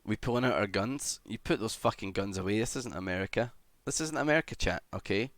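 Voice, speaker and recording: A man with a lowish voice chats through a live stream, greeting viewers and reading their comments. He is casual and loose, now and then breaking into an excited shout. The sound is close and dry. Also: fairly quick, dry recording.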